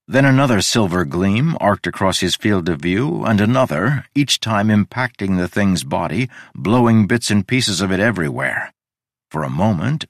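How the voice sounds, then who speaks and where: A man reading a fantasy audiobook in a measured, dramatic storytelling manner. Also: low-pitched, gravelly, dry recording, clean studio sound. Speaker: audiobook narrator. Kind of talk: scripted fantasy narration.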